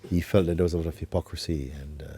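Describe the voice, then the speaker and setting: A man acting as a spiritual teacher, talking gently and unhurriedly in an informal talk, often adding tag questions like "you see". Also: rumbling low, steady tone, racing, husky.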